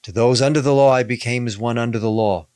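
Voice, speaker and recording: A man's voice: medium pitch, fast, a little mellow, clear, resonant tone, no room sound, studio quality. A man, a rabbi, in a podcast discussion, speaking emphatically, repeating key phrases and reading scripture aloud.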